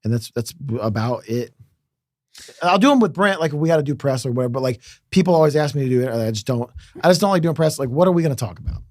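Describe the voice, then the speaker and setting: A man talking as a guest on a podcast, relaxed and conversational, with a lot of "like" and "dude" in his speech. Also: medium pitch, fast talker, no echo, studio quality. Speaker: guest guitarist. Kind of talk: casual interview chat.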